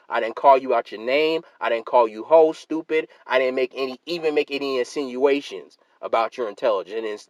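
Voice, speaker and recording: A man's voice: mid-range voice, no echo, poor audio. Emphatic man ranting to his viewers. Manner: emphatic and argumentative, repeats points, calls listeners fam and sister. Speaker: YouTube channel host. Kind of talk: heated solo rant to camera.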